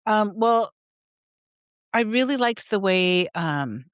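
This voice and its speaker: A woman's voice: medium pitch, animated, slow pace, clear, resonant tone, dry recording, studio quality. A woman co-hosting a podcast, talking earnestly about a holiday movie's characters in a casual chat. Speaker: podcast co-host.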